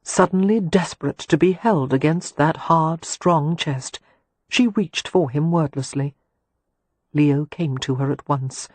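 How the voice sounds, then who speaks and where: A woman reads a romance novel aloud in a calm, measured way. Her voice is low-pitched and slightly breathy. The recording is dry and close to the mic. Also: dry recording. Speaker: audiobook narrator. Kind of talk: scripted narration.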